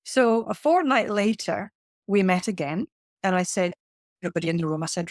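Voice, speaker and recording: A woman, a leadership coach telling a lively workplace anecdote as a podcast guest. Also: mid-range voice, a little fast, no echo, clean studio sound. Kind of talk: conversational storytelling.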